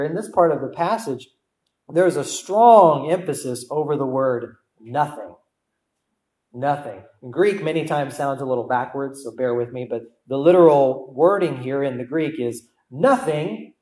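A man's voice: medium pitch, a little mellow, reverberant, rough recording. A young adult man preaching a sermon as a guest preacher, asking the congregation rhetorical questions and repeating key words for emphasis. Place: church.

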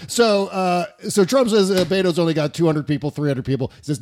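A man hosting a casual political talk podcast, sarcastic and quick to mock what he quotes. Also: sits high, darkish tone, soft background music. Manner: sarcastic, mimics quotes in a mocking voice. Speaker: podcast host.

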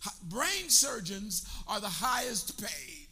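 A man's voice: extremely high pitch, very animated, slow, bright, forceful tone, husky, soft background music. An older man preaching a sermon, urging his congregation to answer him back. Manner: preaching with call-and-response to the congregation. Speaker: pastor. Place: church sanctuary. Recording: long church hall reverb.

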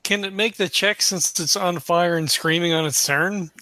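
A man playing a tabletop game asks quick rules questions in a higher, bright voice. His remarks are dry and short, with a little background hiss. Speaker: player.

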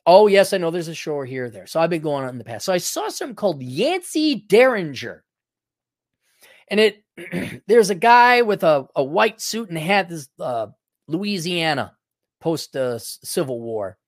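A man's voice: a little high, big pitch swings, moderate pace, dry recording, clean studio sound. A man hosting a talk show, in a rambling, casual commentary that is profane and full of restarts. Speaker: show host.

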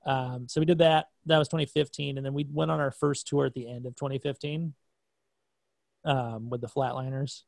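Gravelly-voiced man, dry and self-deprecating. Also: mid-range voice, steady tone, normal speed, a little mellow, dry recording. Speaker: musician guest. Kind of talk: casual conversation.

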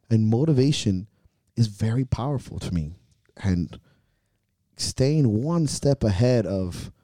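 A man on a podcast talks candidly about his fears as a coach, swearing freely and questioning himself out loud. He sighs and lets his sentences trail off into pauses. His voice sits low and very dark, and it is recorded dry and close with no room sound. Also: no room sound. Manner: earnest, profane, self-questioning.

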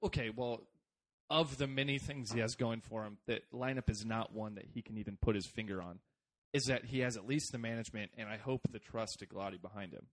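A man co-hosting a casual soccer podcast, talking in animated, jokey rants with some swearing. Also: on the low side, brisk. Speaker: podcast co-host.

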